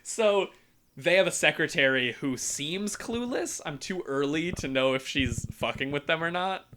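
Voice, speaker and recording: Young male podcast host, bright-toned, casual animated storyteller who swears freely. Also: on the high side, normal speed, a little hiss or hum. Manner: animated, acts out characters while retelling a story.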